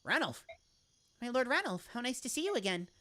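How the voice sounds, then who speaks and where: A woman voicing a gentle, earnest young princess in a game, speaking softly and formally. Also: a little high, sing-song, a little fast, voice pushed up. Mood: wistful. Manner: soft, wistful, formal.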